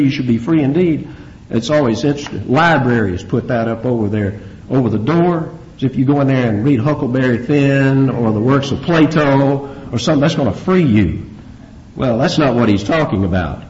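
A man preaching a verse-by-verse sermon as pastor, emphatic and animated, with rhetorical questions to his listeners. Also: medium pitch. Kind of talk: expository sermon. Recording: dull lo-fi recording.

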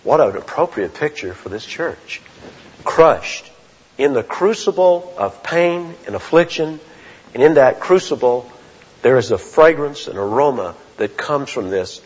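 A man preaching a sermon as a pastor, earnest and deliberate, often restarting his phrases. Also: mid-range voice, expressive, husky. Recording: dull lo-fi sound with long hall reverb.

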